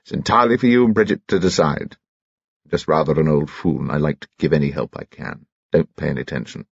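A man voicing a pompous older gentleman, a former army officer with a disapproving manner. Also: very deep voice, quick pace, creaky, breathy edge, dry recording, lo-fi sound, full character voice. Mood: placating.

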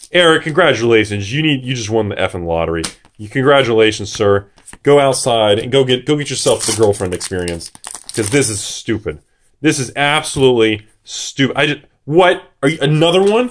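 A young man giving excitable unboxing commentary, swearing and shouting in disbelief. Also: medium pitch, slight background noise. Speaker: card box opener.

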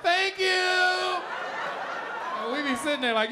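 A man performing a loud, animated, profane stand-up comedy routine on a comedy club stage. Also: very high voice, slow, pauses often, heavy background noise. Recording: live club audio with crowd laughter.

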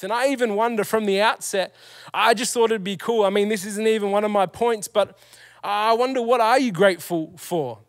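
A young man gives a casual youth sermon in a bright, high voice. He tells stories full of slang and pokes fun at himself. The sound is dry and close, with no room around it. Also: no room sound. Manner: energetic storytelling with slang and self-mocking humor. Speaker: youth pastor.

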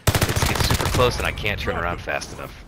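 Deep-voiced man gamer swearing over gunfire. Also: animated, brisk. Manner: swears a lot, grumbling banter. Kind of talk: casual gaming chat. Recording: loud gunfire and game noise behind.

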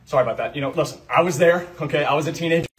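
A young man doing sketch comedy characters, jumping between loud yelling and low muttering. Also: very fast, reverberant, far from the mic.

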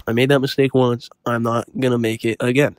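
A young man telling a comic story in a deadpan, self-serious, rambling way. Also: medium pitch, a little fast, clean tone, no room sound, clean studio sound. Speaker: comedy storyteller. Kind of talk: deadpan comedic story monologue.

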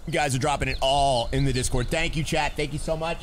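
A man streaming a game live, chatting excitedly with his viewers and laughing often. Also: mid-range voice, fast talker, a little hiss or hum. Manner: excitable, laughing, talks to chat. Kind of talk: live gaming stream chat.

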